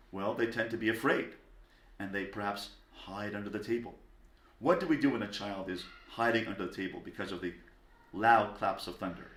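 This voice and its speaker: A man, a rabbi, giving a parenting lecture in a calm, deliberate way, stressing single words. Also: lowish voice. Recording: echoey room.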